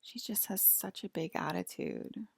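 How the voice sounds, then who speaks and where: A woman vlogger talking in a rambling personal monologue, meandering and full of fillers, often soft-spoken. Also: medium pitch, a little slow, creaky, breathy edge, no room sound.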